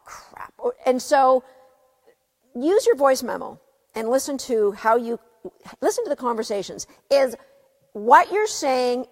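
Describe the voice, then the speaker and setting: A woman dog trainer giving earnest, reflective advice and often asking herself questions out loud. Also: medium pitch. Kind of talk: motivational advice talk. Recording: long reverb.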